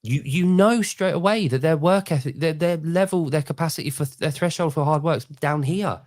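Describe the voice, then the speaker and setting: A man in his forties from Britain, hosting a casual podcast chat and telling stories with lively energy. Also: a little high, normal speed, no room sound, studio quality. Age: 40s. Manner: animated storyteller, mimics people in quoted voices. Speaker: podcast host.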